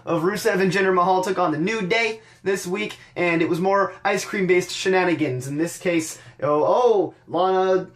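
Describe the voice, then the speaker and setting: A man's voice: high voice, moderate pace, hardly any pauses. Wry man, casual recap, sarcastic asides, stammering. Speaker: podcast host.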